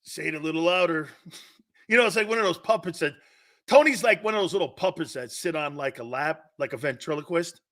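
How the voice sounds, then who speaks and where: A man's voice: on the high side, a little fast, a bit bright. A man hosting a sports talk show, ranting in a sarcastic, mocking way. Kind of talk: opinionated sports talk rant.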